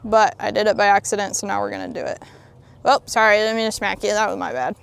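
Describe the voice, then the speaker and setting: A woman's voice: mid-range voice, fairly even intonation, quick pace, gravelly, clear, resonant tone. A woman horse trainer outdoors at a ranch, explaining a training demo and giving soothing, encouraging praise to a horse.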